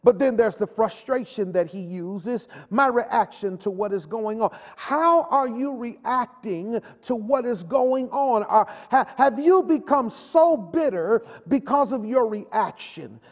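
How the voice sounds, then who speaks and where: A man's voice: extremely high pitch, animated, slow, few pauses. A male pastor preaching a sermon with a repetitive, call-and-response delivery. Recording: long hall reverb.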